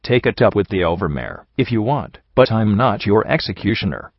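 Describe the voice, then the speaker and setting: Storybook role: a man playing a jaded mare guard, bored and foul-mouthed, low-pitched, dry recording. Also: big pitch swings, moderate pace, no echo, lo-fi sound. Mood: dismissive. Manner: bored, blunt, profane. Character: jaded female pony security guard, blunt.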